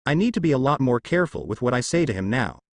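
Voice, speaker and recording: A man's voice: mid-range voice, big pitch swings, fast, dry recording, studio quality. A man voicing a frightened young woman who gives hasty, trembling commands in a fan-fiction audio story. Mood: urgent.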